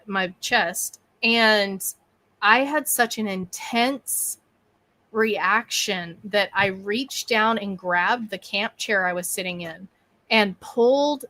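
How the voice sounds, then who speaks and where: A bigfoot researcher guesting on a podcast tells a story with lively energy, acting out her own thoughts and the things people said. Her voice is medium in pitch.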